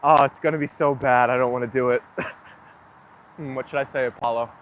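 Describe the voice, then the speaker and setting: Walking his dogs on a rainy day, a man chats live to viewers through his phone, rambling and poking fun at himself. His mid-range voice is fairly even and bright, he speaks fairly quickly, and there's slight background noise.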